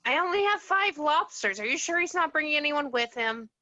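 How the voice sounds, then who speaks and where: A woman's voice: high-pitched, expressive, fairly quick, bright, forceful tone, highs cut off. A woman voicing a patient, worried cartoon mom in a table read, soothing and fretful.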